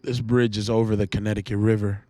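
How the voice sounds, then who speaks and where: A man hosting a podcast, telling a personal faith testimony in an earnest, halting, emotional way. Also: on the low side, little pitch movement, dark tone, dry recording. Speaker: podcast host.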